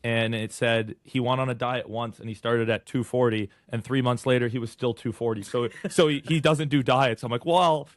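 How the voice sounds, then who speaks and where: A man hosting a casual podcast, chatty, with quick restarts. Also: mid-range voice, steady tone, dry recording, clean studio sound. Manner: rapid, chatty, trailing restarts. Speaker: podcast host.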